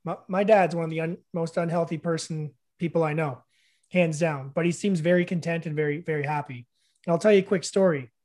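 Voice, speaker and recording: A middle-aged man hosting a relaxed talk. He tells a story, then asks a reflective question. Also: fairly high pitch, brisk. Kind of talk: casual conversational interview.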